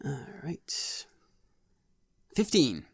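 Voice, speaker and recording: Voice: mid-range voice, very animated, extremely slow, gravelly, breathy edge. A player in a tabletop role-playing game who speaks hesitantly about what their character does.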